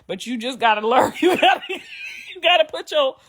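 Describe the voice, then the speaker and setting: A woman's voice: high-pitched, expressive, normal speed, fairly bright tone. A middle-aged woman talking casually to viewers on a livestream, telling profane stories and laughing through her words. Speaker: livestream host.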